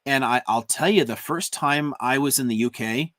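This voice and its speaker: A man's voice: mid-range voice, fairly bright tone, dry recording. Brief: american male host, stop-start delivery, dry close sound. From United States. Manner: halting, repeats words often. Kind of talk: casual live-stream chat.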